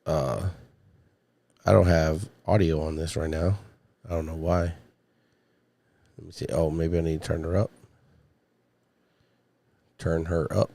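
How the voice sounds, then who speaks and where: A low-pitched man talks loosely and profanely to his live viewers, his voice still rough from being sick. He has a sound and a dry, close studio mic. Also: level tone, unhurried, pauses often, warm tone, dry recording. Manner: rambling, profane, chatting to viewers. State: recovering voice after illness. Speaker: podcast host. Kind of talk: casual solo livestream chat. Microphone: studio mic with podcast mixer.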